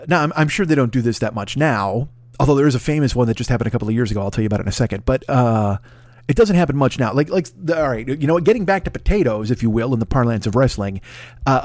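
A man's voice: medium pitch, a little mellow, dry recording. A man hosting a podcast, rambling through a comedic monologue full of profanity and jokey asides. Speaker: podcast host.

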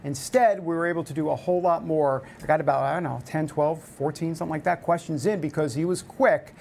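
A chatty New Yorker hosts a casual talk show monologue, telling stories full of fillers and restarts. His voice sits on the high side and moves a little fast, creaky with a darkish tone. There's a slight hiss or hum in the audio.

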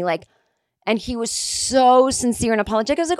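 A woman comedian hosting her own podcast spins a long, chatty story in a casual monologue, full of fillers, her pitch jumping suddenly when she gets excited. She talks fairly quickly, and the studio sound is clean with no echo.

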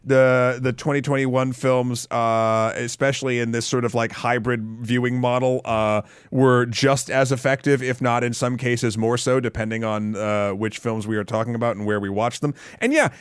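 A man's voice: mid-range voice, fairly even intonation, normal speed, few pauses, clean tone, no room sound, studio quality. A man co-hosting a film podcast in casual chat, rambling and restarting his sentences and swearing casually. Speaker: podcast co-host.

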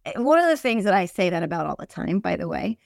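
A woman hosting a casual podcast chat, sarcastic and joking in quick riffs. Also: on the low side, sing-song, creaky, no room sound, studio quality. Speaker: podcast host.

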